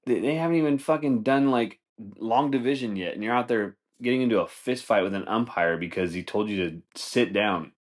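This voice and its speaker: Comedy podcast host, male, lowish voice, loose profane rambling with laughs. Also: a little fast. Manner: loose, profane, laughing, says dude a lot.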